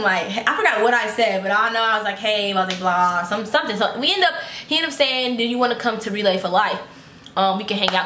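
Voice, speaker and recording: A young adult woman telling a casual storytime vlog, animated, acting out quotes in high voices and swearing freely. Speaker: vlogger. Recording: echoey room, faint background noise.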